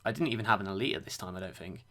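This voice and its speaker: A man's voice: fairly low pitch, very fast, bright, forceful tone. A man co-hosting a wrestling podcast, chatty and eager, thinking aloud as he talks. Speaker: podcast co-host. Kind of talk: casual chat.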